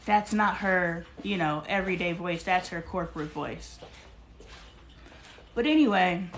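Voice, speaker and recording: A woman's voice: mid-range voice, a little hiss or hum. A woman hosting a live stream, musing aloud about friendship and asking her listeners questions. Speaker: livestream host. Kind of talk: reflective casual monologue.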